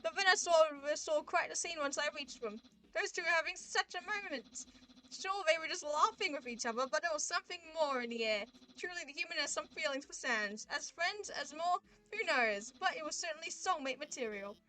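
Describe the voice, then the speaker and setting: A young woman streaming, narrating a visual novel aloud in a quick, giggly manner. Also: high-pitched, animated, bright, forceful tone.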